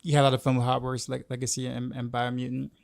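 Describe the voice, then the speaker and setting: Gravelly-voiced man chatting on stream. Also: medium pitch, monotone, fast. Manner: rambling, many "like" fillers and repeats. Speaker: game streamer. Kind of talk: casual livestream chat while gaming.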